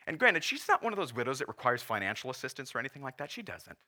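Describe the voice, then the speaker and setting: A man's voice: mid-range voice, very animated, racing, bright, forceful tone. A man in his forties preaching a sermon as pastor, earnest and emotional, at times holding back tears. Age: 40s. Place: church.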